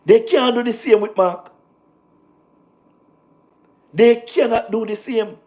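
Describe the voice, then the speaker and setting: A man with a Jamaican accent, talking about politics on a casual livestream, animated and repetitive, mixing patois in. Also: very high voice, slow pace.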